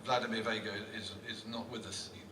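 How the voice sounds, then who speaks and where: A man performing on stage, telling halting, chuckling anecdotes between songs. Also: lowish voice, steady tone, sharp tone, slight background noise. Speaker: performing musician. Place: live concert stage. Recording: echoey live hall from far off with music.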